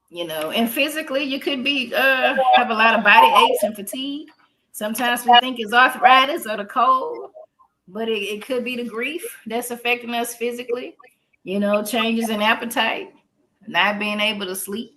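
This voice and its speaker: A woman's voice: on the high side, normal speed, sharp tone, poor audio. A middle-aged woman, talking as a therapist on a podcast in a folksy, chatty way that breaks into easy laughs. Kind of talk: casual podcast talk on grief.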